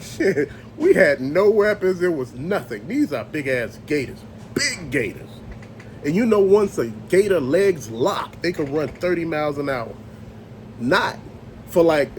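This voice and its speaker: Animated man telling a creepy tale. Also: a little high, a little hiss or hum. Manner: animated, profane, acts out voices and sounds. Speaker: storyteller host. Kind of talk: casual spoken storytelling.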